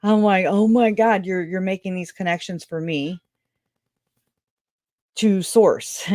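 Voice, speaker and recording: A woman's voice: medium pitch, fairly even intonation, slow pace, darkish tone, dry recording, clean studio sound. A woman hosting a call-in show, chatting casually, rambling and laughing often, trailing off mid-thought. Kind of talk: casual chat. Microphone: video call.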